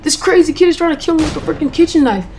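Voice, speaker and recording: A woman voicing a frightened schoolboy who screams in a high voice. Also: racing, mellow, faint music behind, close to an everyday voice. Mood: panicked.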